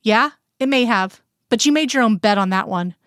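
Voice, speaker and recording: A woman voicing a hurt, bitterly angry grown man who turns soft and tender, read in her own higher voice in a dry room. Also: normal speed, smooth, dry recording, natural voice. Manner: accusing, then pleading softly.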